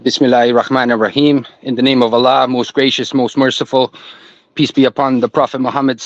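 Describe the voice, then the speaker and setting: A man's voice: mid-range voice, flat delivery, fairly quick, no room sound, highs cut off. A man calling in to a debate stream, combative and openly insulting. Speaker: caller.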